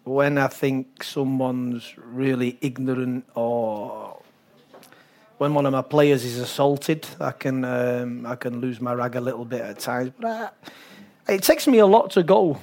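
A man's voice: medium pitch, unhurried. An older man from England, a football coach, telling stories in an interview, laughing often and acting out the voices of others. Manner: animated storyteller, laughs often, acts out voices. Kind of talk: talk-show interview.

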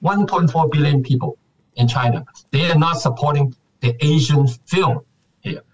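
A man's voice: a little high, normal speed, recorded from a distance, dull audio. A man, an actor speaking passionately as an interview guest and venting about his frustrations. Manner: passionate, venting, acts out quotes. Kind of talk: candid interview talk.

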